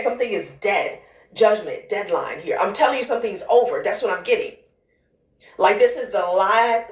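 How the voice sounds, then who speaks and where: A woman doing a casual tarot reading, blunt and profane, who calls the listener honey and child. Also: medium pitch. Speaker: tarot card reader. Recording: echoey room.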